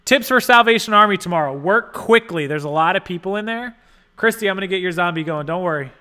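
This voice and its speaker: A man with a high, bright voice hosts a casual livestream. He rambles and thinks aloud while tinkering with settings, and he stops to thank viewers for their donations. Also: fast talker. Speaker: livestream host. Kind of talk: casual live-stream chat.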